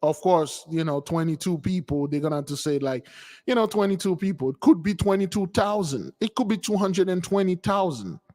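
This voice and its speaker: Rambling man with a raised voice, reverberant room. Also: a little high. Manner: rambling, questioning, frequent "okay?". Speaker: spiritual teacher and channel host. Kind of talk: casual livestream talk. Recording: long reverb.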